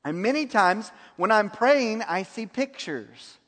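High-voiced man preaching in a hall. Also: slow pace. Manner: animated storytelling, laughs often. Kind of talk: sermon testimony.

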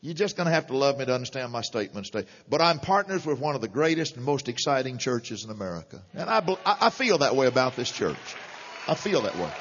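A middle-aged man preaching a sermon, animated and chuckling between points. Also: mid-range voice, fast, long reverb tail. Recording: dull lo-fi sermon recording.

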